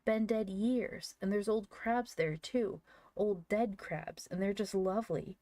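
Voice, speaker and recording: A woman voicing an excitable, indignant young boy who shrills and cries out in a storybook reading. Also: mid-range voice, unhurried, no echo, voice pushed up, lightly acted. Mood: pleading, eager.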